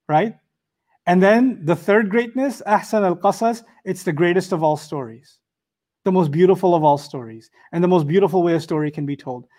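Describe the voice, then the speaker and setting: A man lecturing on Quranic verses, posing rhetorical questions and reciting Arabic passages quickly between explanations. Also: fairly high pitch, darkish tone. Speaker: Quran teacher.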